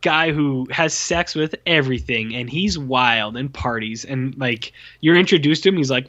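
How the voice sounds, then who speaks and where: A man co-hosting a podcast, bluntly and profanely ranting about a film he disliked, his voice going a little hoarse. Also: mid-range voice, normal speed, few pauses, bright, forceful tone, muffled recording. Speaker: podcast co-host. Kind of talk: casual film review chat.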